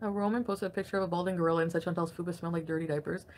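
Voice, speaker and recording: A woman livestreaming from home, venting in an angry, crabby, profane rant that jumps between grumbling and sharp loud outbursts. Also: lowish voice, fairly even intonation, very fast, hardly any pauses. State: crabby and irritated. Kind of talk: ranting live stream chat.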